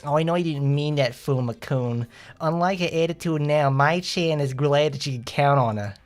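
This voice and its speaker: A man's voice: fairly high pitch, normal speed, lightly acted. A chirpy, cutesy young girl speaks in a raised, sing-song voice, as a man puts her on. Faint music plays behind her. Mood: sweet.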